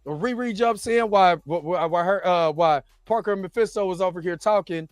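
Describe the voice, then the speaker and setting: A man's voice: high-pitched, fairly quick, hardly any pauses, no room sound, clean studio sound. A man hosting a reaction show, recapping episodes in a loose, slangy, rambling way full of restarts and asides.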